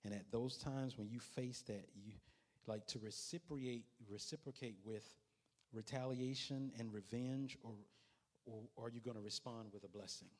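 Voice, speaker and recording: A man's voice: medium pitch, fairly even intonation, moderate pace, husky. A male pastor preaching a sermon in a folksy, conversational way, with asides to the congregation.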